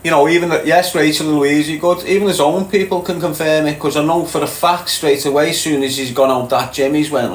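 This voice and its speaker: A man's voice: a little high, fairly even intonation, fairly quick, few pauses. Scouse male streamer, blunt and streetwise, in an echoey room with faint background noise. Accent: Liverpool (Scouse). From Liverpool, England. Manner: blunt, streetwise, addresses chat as mate and lad. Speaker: livestream host answering viewer comments. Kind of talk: casual livestream chat.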